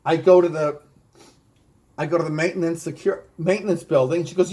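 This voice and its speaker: A man's voice: on the high side, fairly even intonation, fairly quick, darkish tone, rough recording. A man rehearsing a stand-up comedy bit, with punchy delivery and a repeated catchphrase. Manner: bilingual.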